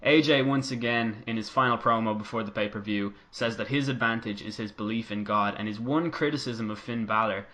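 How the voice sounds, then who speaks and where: A man's voice: lowish voice, fairly quick, hardly any pauses. A man co-hosting a podcast, narrating a made-up wrestling storyline in casual chat and acting out quotes. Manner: animated storytelling, acts out quotes in voices. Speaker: podcast co-host.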